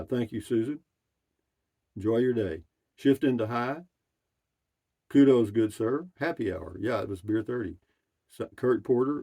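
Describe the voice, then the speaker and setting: A man's voice: on the low side, darkish tone. Folksy older man. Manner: rambling and folksy, drawling with slangy asides. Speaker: RV travel vlogger reading viewer comments. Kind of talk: casual comment read-out.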